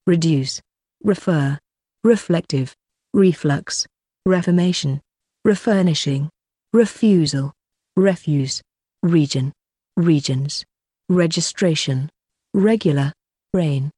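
A woman reading a vocabulary list aloud, one word at a time, slowly and deliberately. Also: sits low, dark tone, husky, no echo, studio quality. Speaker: vocabulary reader.

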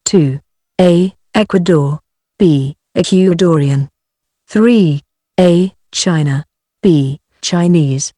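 A woman reading English coursebook audio aloud, word by word, with careful, measured enunciation. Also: lowish voice, dark tone, dry recording, clean studio sound. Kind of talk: slow scripted textbook reading.

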